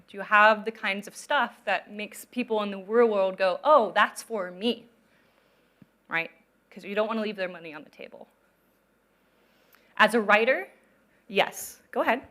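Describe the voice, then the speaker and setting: Bright-voiced woman giving a conference talk. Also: medium pitch. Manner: conversational, checks in with "right?" often. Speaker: conference speaker on narrative design. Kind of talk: conference talk with audience questions.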